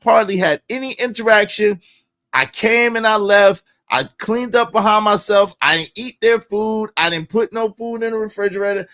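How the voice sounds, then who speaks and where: A man telling a personal story in profane street slang, swinging between low mutters and loud outbursts. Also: normal speed. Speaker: podcast storyteller. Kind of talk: animated storytelling.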